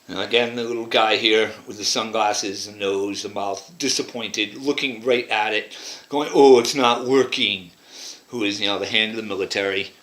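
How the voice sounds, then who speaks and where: A man's voice: lowish voice, steady tone, moderate pace, bright, forceful tone. Guy rambling on and on, pointing at stuff, echoey room. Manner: rambling, repetitive, pointing at details. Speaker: vlogger interpreting images. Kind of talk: rambling monologue. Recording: roomy echo.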